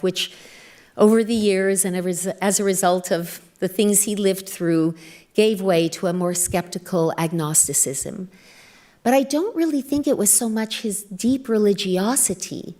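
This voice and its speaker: A woman giving a formal speech at a policy event, slow and measured, with deliberate pauses. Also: medium pitch, darkish tone.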